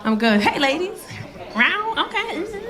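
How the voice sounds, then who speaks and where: A woman's voice: very high voice, sing-song, measured pace. Brassy comedian woman working the crowd. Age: 40s. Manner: brassy, blunt, cursing, talks straight to the audience. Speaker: stand-up comedian. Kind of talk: stand-up crowd work. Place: comedy club stage with a live audience. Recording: live club sound with crowd laughter and noise.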